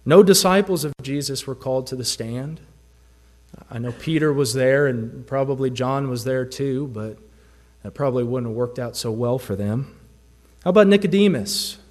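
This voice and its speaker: A man's voice: medium pitch, moderate pace, a little mellow. A man preaching a sermon with a Southern American accent, using rhetorical questions and emphatic repetition. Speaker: pastor.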